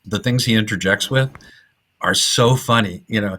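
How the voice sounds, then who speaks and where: Bright-voiced enthusiastic man, husky edge. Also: fairly low pitch, moderate pace. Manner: enthusiastic, laughs often, retells scenes. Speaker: podcast host. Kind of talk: casual film discussion.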